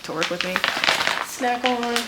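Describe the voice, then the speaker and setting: A woman's voice: on the high side, measured pace, heavy background noise. A woman vlogger with a stuffy nose, rambling laid-back about her shopping haul, using lots of fillers. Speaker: vlogger, full-time nurse. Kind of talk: casual haul chat.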